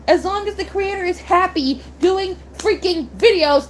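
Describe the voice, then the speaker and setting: A woman's voice: extremely high pitch, a little slow, few pauses, a little hiss or hum. A young woman streamer ranting, heated and blunt, swearing and repeating herself. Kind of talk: angry rant on a live stream.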